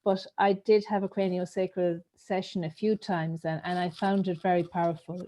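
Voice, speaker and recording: A woman in a casual group chat, telling a story in a chatty, animated way with repeated words. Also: fairly low pitch, normal speed, hardly any pauses, slight background noise, poor audio. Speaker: group participant.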